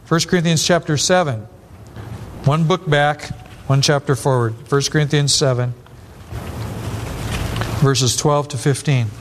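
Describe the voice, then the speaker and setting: Blunt older pastor preaching with stories. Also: male voice, on the high side, steady tone, a little hiss or hum. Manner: blunt, storytelling, quick asides with rising emphasis. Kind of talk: sermon.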